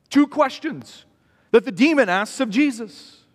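A man's voice: very high voice, expressive, a little slow. A man preaching a sermon in an emphatic way, repeating phrases for stress. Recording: long reverb of a hall.

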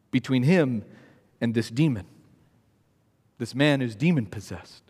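A man's voice: high voice, fairly bright tone. A man preaching a sermon in an emphatic way, repeating phrases for stress. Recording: long reverb of a hall.

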